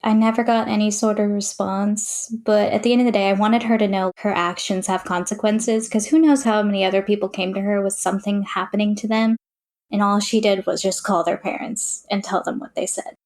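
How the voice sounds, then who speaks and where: A woman's voice: medium pitch, fairly even intonation, fairly quick, a little mellow. Young woman telling her story plainly. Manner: plain, matter-of-fact retelling with frequent "like" fillers. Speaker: interview guest. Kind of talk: personal testimony in an interview.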